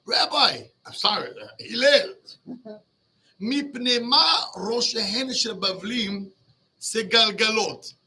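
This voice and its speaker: A man's voice: sits high, normal speed, slight background noise. A rabbi telling a Talmud story to a class, switching between Hebrew and English and acting out the characters. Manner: lively, mixes Hebrew and English, acts out the characters. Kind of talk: animated storytelling lesson.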